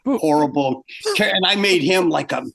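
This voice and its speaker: Older man, interview guest, animated storyteller, acts out quotes. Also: a little high, moderate pace, gravelly.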